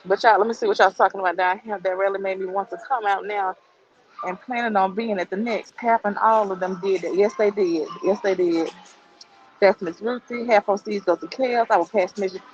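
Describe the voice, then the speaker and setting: Middle-aged woman, chatty livestream host, walking and a little winded, mid pitch. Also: steady tone, brisk, lo-fi sound. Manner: chatty, reads viewer comments aloud. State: out of breath while walking. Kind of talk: casual livestream commentary. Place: walking through a crowded shop.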